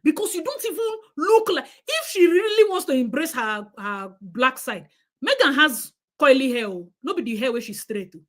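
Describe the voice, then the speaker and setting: A woman's voice: high voice, big pitch swings, moderate pace, a bit bright. A woman from Nigeria with a Nigerian accent, hosting a live stream and giving emphatic, opinionated commentary to her viewers, slipping into Nigerian Pidgin.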